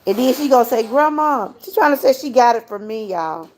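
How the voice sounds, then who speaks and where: A woman's voice: fairly high pitch, expressive, quick pace, darkish tone. An older woman, hosting a casual livestream, chatty and laughing often as she talks straight to her viewers. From Georgia, US. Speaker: livestream host.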